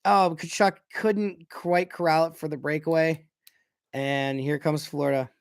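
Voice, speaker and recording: A young man gives casual, excitable play-by-play of a hockey game as a fan, often stopping to correct himself about who has the puck. His voice sits a little high with a gravelly edge. The sound is dry and close. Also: unhurried, dry recording. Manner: excitable, self-correcting, unsure of player names. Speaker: fan commentator.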